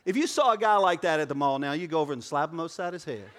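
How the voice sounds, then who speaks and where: A male pastor with a notably high voice preaches to a congregation in a church auditorium. He keeps the tone joking and conversational and often turns aside to speak straight to the people in front of him. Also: expressive, quick pace, fairly bright tone. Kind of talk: sermon.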